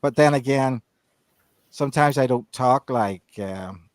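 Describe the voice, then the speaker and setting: A man's voice: medium pitch, unhurried, no room sound. A man with an educated Northern Irish accent, chatting casually on a podcast and rambling with many restarts. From Northern Ireland. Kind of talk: casual chat.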